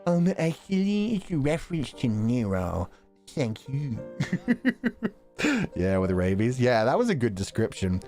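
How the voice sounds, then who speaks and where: A man chatting casually with viewers after a game stream, laughing often, thinking out loud and swearing now and then. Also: medium pitch, sing-song, unhurried. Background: faint background music.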